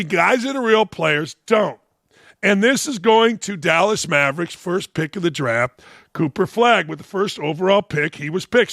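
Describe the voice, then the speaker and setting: Blunt, gravelly older man ranting. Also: high-pitched, fairly bright tone, no room sound, studio quality. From Northwest Indiana. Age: 60s. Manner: blunt, combative, profane. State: slightly under the weather. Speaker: host. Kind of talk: opinionated sports commentary.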